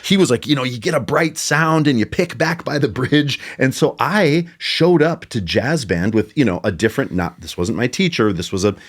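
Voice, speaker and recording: A middle-aged man, a bass teacher, telling a story in a casual podcast chat and acting out the voices of other people in it. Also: expressive, moderate pace, hardly any pauses.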